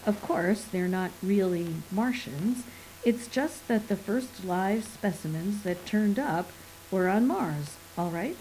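A woman's voice: medium pitch, animated, slow, warm tone, a little hiss or hum, rough recording. A woman voicing a thoughtful, earnest man who is working out a hoax, in an audiobook reading.

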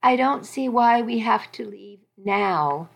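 A woman's voice: a little high, animated, slow pace, creaky, heavily acted. A woman reading the lines of a jealous, desperate young man who pleads and whines, in a story read aloud. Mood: pleading. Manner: pleading and whining.

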